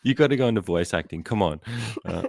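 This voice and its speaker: A middle-aged man with a very low, deep voice, chatting casually as a podcast host. He rambles easily and breaks into laughter often. The sound is dry and close. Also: lively intonation, quick pace, creaky, a little mellow, no echo.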